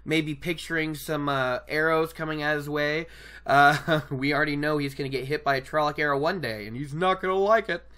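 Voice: medium pitch, fairly even intonation, a little fast, a bit bright. A podcast host chatting casually about a book, enthusiastic and rambling, laughing often.

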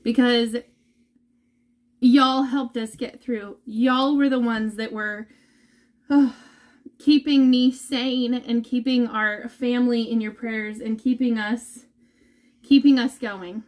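Woman, high voice, heartfelt and emotional, casual vlog at home. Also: steady tone, slow, long pauses, darkish tone. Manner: heartfelt and emotional, talks of holding back tears. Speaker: mother giving a family update. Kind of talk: casual vlog update to followers. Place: at home indoors.

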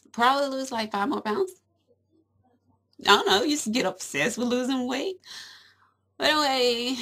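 A woman's voice: mid-range voice, gravelly, a bit bright. A young woman chatting casually to camera at home. She is giggly and rambling and fills her talk with little asides. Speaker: vlogger.

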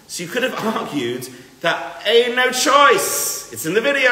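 A lively man gives a spirited lecture to a room of listeners. His voice is bright and high-pitched, and his pitch swings widely. He jumps between loud emphatic bursts and low, quiet asides, and a long echo rolls around the big hall. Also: fairly quick. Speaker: rabbi teaching a class. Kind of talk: lively lecture to a live group. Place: large room with an audience. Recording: roomy hall with long reverb.

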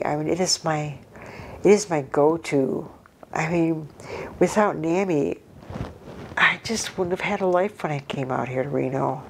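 A woman's voice: low voice, steady tone, moderate pace, a little mellow, a little hiss or hum. A woman in casual chat as an interviewee, rambling and repeating herself while she tells corny jokes.

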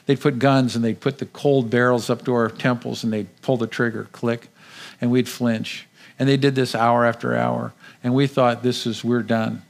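A man of middle pitch holds the room with a dramatic first-person story, telling it vividly and with animation. He stumbles over and repeats words as he gets caught up in the tale. He speaks as a guest at a church service. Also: flat delivery, moderate pace, creaky.

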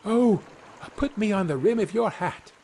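Storybook role: a man putting on a tiny cheeky boy, high and chirpy, bouncy delivery. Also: animated, unhurried, dark tone, a little hiss or hum. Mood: cheerful.

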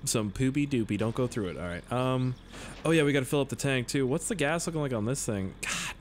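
A man giving excitable, jokey gameplay commentary full of swearing, sounding a bit tipsy. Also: mid-range voice, a little fast, a little hiss or hum. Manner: excitable, profane, jokey, yelps and laughs at the game. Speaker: gaming video host.

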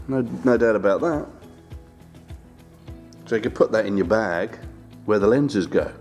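A man's voice: expressive, unhurried, long pauses, darkish tone, soft background music. A man talking casually through a home vlog, unboxing a drone and chatting as he goes. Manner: chatty, talks to his dog in a high singsong voice. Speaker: vlogger.

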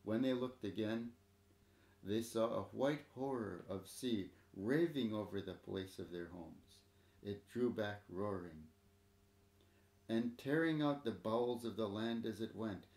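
Man narrator, low gravelly voice, measured dramatic storybook reading, echoey room. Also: a little mellow.

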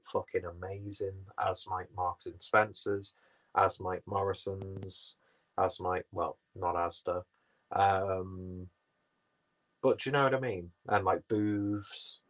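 Guy rambling on his stream, sweary and self-mocking, lowish voice. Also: fairly bright tone. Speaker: livestream host. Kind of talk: casual chat, reading viewer comments.

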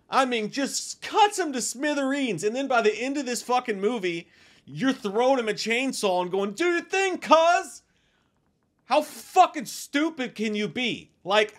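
A man with a high voice that swings wildly up and down ranting about a film in a casual review. He swears constantly and his tone lurches between amused and outraged. His rough, unpolished delivery stays loud and lively. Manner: animated, swearing, mocking impressions, laughs often. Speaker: movie review host. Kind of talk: casual profane movie rant.

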